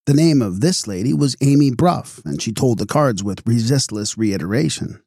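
A man reading a story aloud as narrator in a measured, wry manner. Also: mid-range voice, expressive, vocal fry, darkish tone, no room sound, clean studio sound. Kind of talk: audiobook narration.

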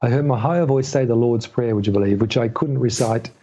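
A man's voice: mid-range voice, brisk, dark tone. A middle-aged man telling a long personal story as a podcast guest, rambling with many restarts. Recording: dull lo-fi audio.

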